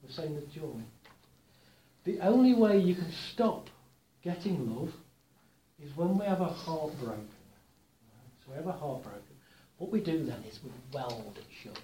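Guy chatting to a room full of people, warm mellow tone, bit echoey. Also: a little high, big pitch swings, moderate pace, slight background noise. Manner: chatty anecdotal, gently humorous. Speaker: workshop speaker. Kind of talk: talk to a live audience.

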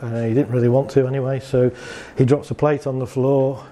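In a medium-pitched, dark voice with little pitch movement, a man talks a little fast to an audience about anxiety and relationships. He keeps it conversational, acting out short scenes and laughing along.

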